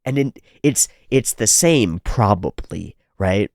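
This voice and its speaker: A man's voice: on the low side, lively intonation, takes it slowly, vocal fry, darkish tone, no room sound, studio quality. A man hosting a reaction video, talking casually and animatedly, swearing freely with frequent restarts. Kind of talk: casual commentary on an anime episode.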